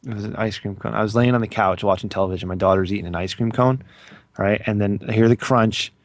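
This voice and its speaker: A man's voice: lowish voice, steady tone, fast talker, no room sound. A man in his thirties co-hosting a podcast in casual chat, dry and self-deprecating. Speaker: podcast co-host.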